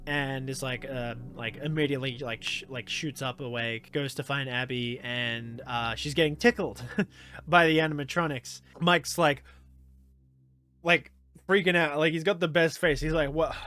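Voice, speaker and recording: A man's voice: mid-range voice, fairly even intonation, moderate pace, pushed and bright, smooth. A man casually recapping a movie plot in a rambling way, full of fillers and with frequent laughs. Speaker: YouTuber reviewing a movie.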